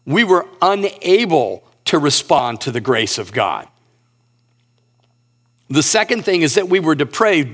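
Man preaching a sermon, slightly high voice. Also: a bit bright. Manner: earnest preaching, reads scripture slowly, rises in pitch for emphasis. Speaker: pastor.

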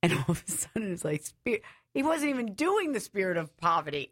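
A woman's voice: mid-range voice, very animated, fairly quick, fairly bright tone, dry recording, studio quality. A woman talking in a casual, meandering way about faith and spiritual growth.

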